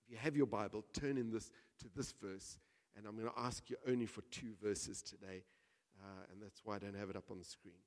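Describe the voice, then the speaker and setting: A man preaching a sermon as pastor, telling a story with big swings between hushed and loud delivery. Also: fairly low pitch, fairly even intonation, brisk. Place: church hall. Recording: reverberant church hall.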